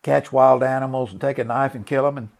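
A man's voice: mid-range voice, fairly even intonation, brisk, gravelly, a little mellow. A man preaching a sermon and telling a personal story in an earnest, emphatic way, often repeating words and asking his listeners direct questions.

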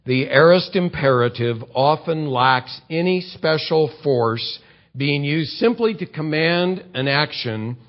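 A male pastor delivers a sermon in a down-to-earth, conversational way. His voice sits a little high, and he keeps checking in with his listeners through rhetorical questions. The recording is muffled and lo-fi. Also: animated, slow.

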